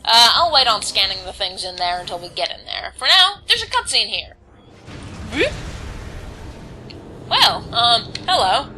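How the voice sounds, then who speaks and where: A woman's voice: on the high side, sing-song, unhurried, pauses often, pushed and bright, slight background noise, poor audio. A woman casually commenting on her gameplay, reading on-screen text aloud and stumbling over words now and then. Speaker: let's play host.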